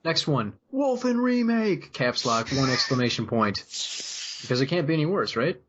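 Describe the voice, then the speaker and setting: A man co-hosting a comedy podcast, reading movie quotes and comments in a dry, deadpan way. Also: mid-range voice, a little fast, lo-fi sound, noisy background. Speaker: podcast co-host. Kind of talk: casual comedic chat, reading quotes aloud.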